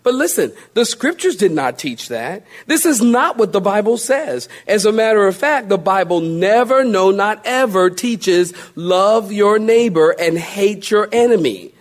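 A man's voice: high-pitched, expressive. A male pastor preaching a sermon, drawing out key phrases and mocking self-pity with playful put-on voices. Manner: drawn-out emphatic phrases.

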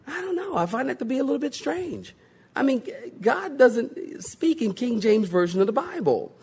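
This man's voice is very high-pitched, with vocal fry and a breathy edge, and he speaks at a normal speed. He's a pastor preaching a sermon, cracking jokes and mimicking voices for laughs in an animated, humorous way to make his point.

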